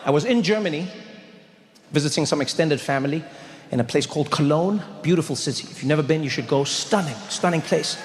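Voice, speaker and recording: A man's voice: a little high, a little fast, long reverb tail. A man from South Africa doing stand-up comedy, telling a story with lots of voices.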